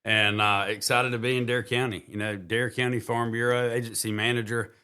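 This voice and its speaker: A man, a guest insurance agent giving an enthusiastic sales pitch on a talk show. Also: level tone, a little fast, bright, forceful tone, clean tone. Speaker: guest, insurance agency manager. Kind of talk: casual interview.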